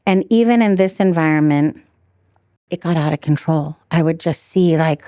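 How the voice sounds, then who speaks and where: A middle-aged woman telling stories as a podcast guest, animated, laughing often and acting out quotes. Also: deep voice, normal speed, dry recording, clean studio sound. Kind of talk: storytelling in a podcast interview.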